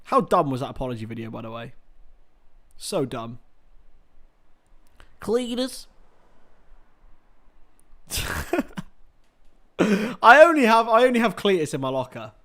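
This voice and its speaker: A man calling a match on his own livestream, loose and chatty with plenty of self-mocking jokes. His voice sits a little on the high side for a man. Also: very animated, normal speed, pauses often, fairly bright tone. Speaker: livestream host. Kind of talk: casual watchalong commentary.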